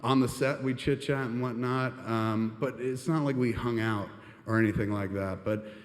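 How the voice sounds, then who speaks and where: A man's voice: mid-range voice, fairly even intonation, moderate pace. A man telling a long story on stage into a microphone, rambling and swearing casually. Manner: rambling, profane, peppered with "and shit". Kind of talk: live storytelling. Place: stage in a venue. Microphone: handheld microphone. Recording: hall reverb.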